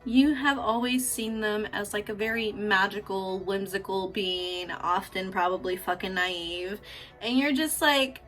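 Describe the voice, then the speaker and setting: Bright-voiced woman giving a tarot reading. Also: medium pitch, measured pace, soft background music. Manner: chatty, profane and affectionate, laughs often. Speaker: tarot reader. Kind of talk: casual pick-a-card tarot reading.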